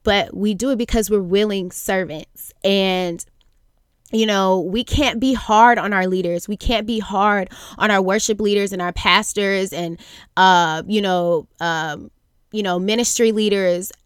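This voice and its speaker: A young woman hosting a faith podcast, speaking earnestly and haltingly with many fillers and restarts. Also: medium pitch, steady tone, smooth, dry recording, studio quality. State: near tears at times. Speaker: podcast host. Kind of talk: reflective faith podcast monologue.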